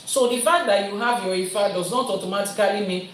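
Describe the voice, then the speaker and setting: A Nigerian woman teaching as an Ifa priestess, speaking at a medium pitch and explaining things step by step with homely comparisons. Her voice is picked up from some distance away. It rings around a very echoey room. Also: fairly quick. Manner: patient, explanatory, builds points through everyday analogies. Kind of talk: live-streamed teaching answering viewer questions.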